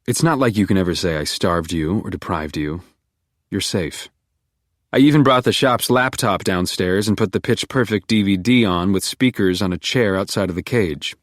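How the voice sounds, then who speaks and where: A man narrating a first-person psychological thriller audiobook in a calm, controlled, menacing manner. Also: low-pitched, no echo, clean studio sound.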